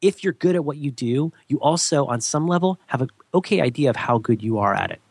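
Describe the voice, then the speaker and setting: A man holding forth on a podcast, his pitch leaping up and down as he makes his points. He talks emphatically, often jumping into mocking voices of other people. The sound is dry and close, with no room echo. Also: fairly quick, vocal fry, husky. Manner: animated, jumps into mock voices, emphatic. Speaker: podcast co-host. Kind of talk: casual podcast rant.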